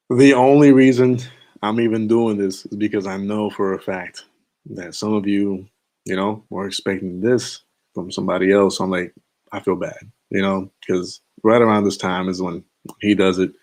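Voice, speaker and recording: A man's voice: sits low, flat delivery, normal speed, darkish tone. A young man streaming late at night, chatting in a laid-back, slangy, rambling way and chuckling to himself. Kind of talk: casual late-night live stream chat.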